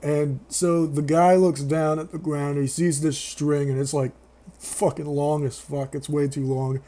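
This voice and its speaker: A man's voice: fairly high pitch, little pitch movement, a little slow, mellow. A young man giving a casual, sarcastic, profane rant as a movie reviewer, laughing often.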